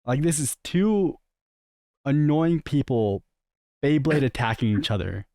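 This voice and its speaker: A man's voice: mid-range voice, animated, a little slow, dark tone, slight background noise. A young man hosting a casual reaction stream, telling stories with jokey acted quotes. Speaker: streamer host.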